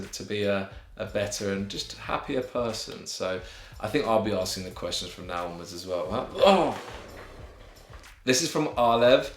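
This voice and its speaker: A man's voice: on the low side, fairly bright tone, a little hiss or hum. A young man with an English accent, answering viewer questions in an advice vlog in an earnest, encouraging way with friendly slang. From England. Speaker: YouTuber. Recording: echoey room with music bed.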